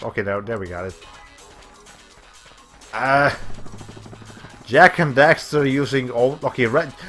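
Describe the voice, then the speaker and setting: A man streaming a video game in a medium-pitched voice that is going hoarse as he loses it. He rambles and thinks aloud between moves and swears casually. Game music plays faintly behind him. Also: fairly bright tone. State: losing his voice. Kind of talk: casual let's-play commentary.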